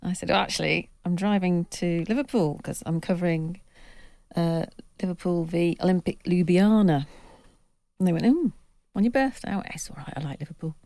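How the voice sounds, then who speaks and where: A middle-aged woman on a sports podcast, spinning an anecdote with gusto and slipping into the voices of the people she quotes. Her voice sits fairly low. The sound is close and dry, with no room echo. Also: moderate pace. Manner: lively storyteller who acts out quoted voices. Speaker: football writer and podcast panellist.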